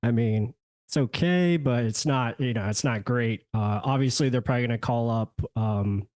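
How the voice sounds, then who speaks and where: Man, podcast guest, measured analysis, slightly low voice, dry close sound. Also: a little mellow, no room sound. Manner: measured, analytical, mild hedging. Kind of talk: casual sports analysis.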